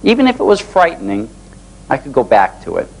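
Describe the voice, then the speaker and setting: A man in his forties giving a live motivational talk to an audience, telling personal stories in an animated way. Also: mid-range voice, a little fast, creaky, breathy edge, poor audio. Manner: animated storytelling, acting out dialogue with rising excitement. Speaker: motivational speaker.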